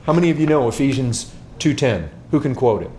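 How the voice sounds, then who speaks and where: A man's voice: medium pitch, very animated, brisk, darkish tone, a little hiss or hum. Emphatic male pastor teaching a group. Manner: emphatic, repeats words, asks rhetorical questions. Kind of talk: answering a question before a group.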